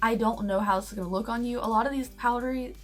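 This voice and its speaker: A woman's voice: a little high, steady tone, quick pace. Young woman, candid and chatty, casual beauty review; faint music under her. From United States. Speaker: beauty vlogger.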